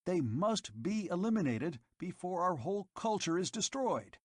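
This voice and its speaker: A man's voice: a little high, lively intonation, normal speed, dry recording, clean studio sound. A man playing a stern old keeper snapping orders. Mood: exploding anger. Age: older. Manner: snapping, angry commands.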